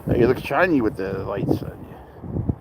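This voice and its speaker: A man's voice: mid-range voice, expressive, unhurried, creaky, heavy background noise. A young man chatting casually on a phone livestream, rambling and crude as he answers viewer comments and talks to his cat outdoors.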